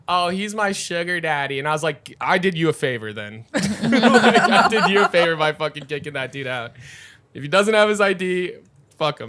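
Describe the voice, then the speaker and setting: A man's voice: a little high, fairly bright tone. A man, a bartender co-hosting a podcast, telling profane stories from behind the bar and acting out his customers. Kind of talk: casual chat.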